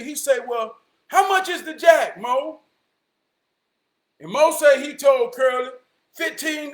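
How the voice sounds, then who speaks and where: Loud high-voiced man telling a story. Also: roomy sound. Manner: animated, often shouting, slips into quoted voices. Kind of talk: casual storytelling.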